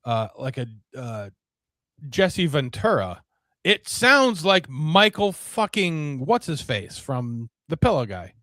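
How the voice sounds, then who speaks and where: A man's voice: on the high side, sing-song, slow pace, bright, forceful tone, no room sound, clean studio sound. A man hosting a casual podcast stream, rambling with fillers and frequent swearing. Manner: rambling, profane, many fillers. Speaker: podcast host. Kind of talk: casual live-stream chat.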